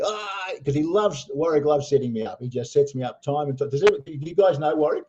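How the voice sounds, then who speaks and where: An older Australian man, a poker player, telling animated anecdotes full of acted-out quotes. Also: fairly high pitch, fast talker, highs cut off. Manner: animated storyteller acting out quotes, laughing. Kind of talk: storytelling anecdotes.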